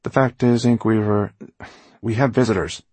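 A man's voice: on the low side, fairly even intonation, normal speed, darkish tone, husky, no room sound, pitched above the performer's own voice. A man voicing a nervous young male castle guard who speaks hesitantly. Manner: hesitant, subdued.

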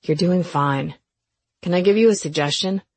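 A woman voicing an easygoing young man who jokes a lot but gives calm, dry advice in an audiobook. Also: fairly low pitch, moderate pace, slightly rough, no echo.

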